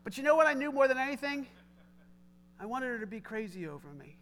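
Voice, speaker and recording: Man preaching, animated, talks to the congregation, high voice. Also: quick pace. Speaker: pastor. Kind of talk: sermon.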